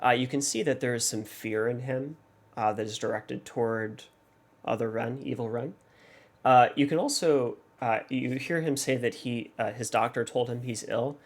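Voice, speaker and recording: A man analyzing a song for his reaction video, his voice carrying a gravelly rasp. He thinks aloud at a mid pitch, pausing often and filling gaps as he works out ideas. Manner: hesitant, thinking aloud, many fillers. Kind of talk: casual music analysis.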